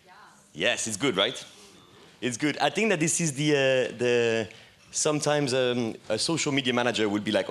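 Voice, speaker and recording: A man's voice: mid-range voice, normal speed. Chatty French-accented man in his thirties. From France. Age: 30s. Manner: chatty, self-deprecating, many fillers and restarts. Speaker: bar owner giving a talk. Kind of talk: casual conference presentation. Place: conference stage.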